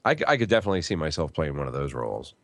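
A man's voice: rumbling low, big pitch swings, racing, fairly bright tone, no room sound. An older man, a voice actor guest, chatting in a jokey, irreverent way and swearing freely. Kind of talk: casual podcast chat.

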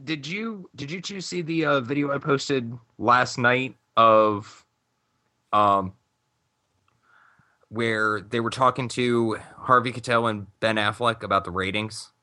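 A man's voice: medium pitch, slow, sharp tone, dry recording. A man on a podcast in casual chat, chiming in with short, offhand remarks.

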